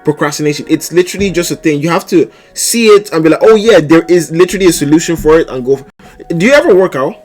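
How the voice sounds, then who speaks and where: A young man streaming live, chatting casually and animatedly, with sudden loud outbursts and laughter between mumbled asides. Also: on the high side, animated, fast talker, hardly any pauses, soft background music. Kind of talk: casual livestream chat.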